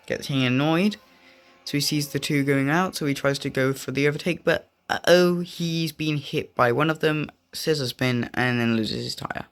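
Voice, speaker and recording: A man's voice: a little high, moderate pace, fairly bright tone. Rambling young man narrating gameplay. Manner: rambling, goes off on tangents. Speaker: gaming video creator. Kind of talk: casual gameplay commentary.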